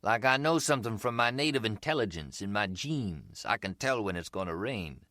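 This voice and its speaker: A man's voice: on the low side, sing-song, moderate pace, bright, forceful tone, no room sound, studio quality. Man doing a slangy streetwise hustler. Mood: chatty. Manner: slangy, chatty, teasing. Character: slick streetwise male umbrella hustler, middle-aged, easygoing.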